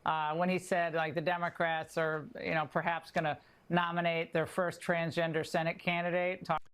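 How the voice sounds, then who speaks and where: A television news interviewer asking a guest steady, measured questions. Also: mid-range voice, smooth.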